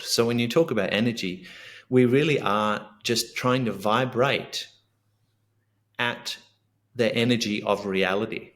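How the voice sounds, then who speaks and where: A man's voice: medium pitch, unhurried, a bit bright. A middle-aged man, a guest author and coach in a podcast interview, talking earnestly and reflectively and acting out sample lines of dialogue.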